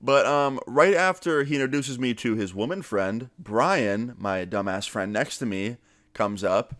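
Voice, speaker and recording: A young man telling a story on his vlog in a casual, animated way, swearing freely and raising his voice to act out what others said. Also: medium pitch, unhurried, no room sound. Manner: animated, swearing, acts out quotes in raised voice. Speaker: vlogger telling a story time.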